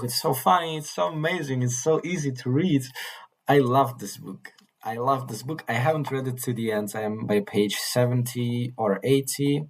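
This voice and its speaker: Man, vlogger, slow and halting, earnest, repeats himself, casual to-camera talk. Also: mid-range voice, rough recording. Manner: halting, repeats phrases, restarts often; earnest, mildly swearing.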